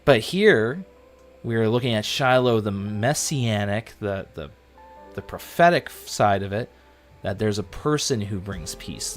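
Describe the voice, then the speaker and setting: Playful, animated man teaching scripture. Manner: playful, animated, jokey asides and sudden pitch jumps. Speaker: livestream host teaching the Bible. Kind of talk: casual devotional teaching on a livestream.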